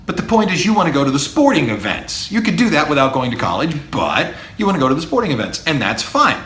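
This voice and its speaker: A man's voice: mid-range voice, a bit bright, a little hiss or hum. A middle-aged man, a university professor, giving an emphatic podcast monologue to students, now and then mimicking their imagined replies. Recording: echoey room with faint ambience.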